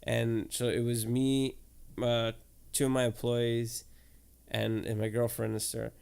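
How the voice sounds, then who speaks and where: A man, a podcast co-host telling stories in casual, swearing, animated chat. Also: medium pitch, unhurried, gravelly, smooth.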